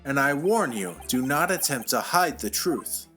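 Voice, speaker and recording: A man's voice: mid-range voice, expressive, unhurried, sharp tone, faint music behind. A man voicing a stern older judge, formal and commanding, as he reads game dialogue aloud.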